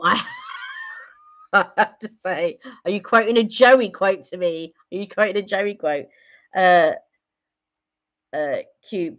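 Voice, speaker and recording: A woman's voice: lowish voice, animated, measured pace, fairly bright tone. A woman hosting a casual live stream chat, rambling and chatty with many fillers. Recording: dull lo-fi sound.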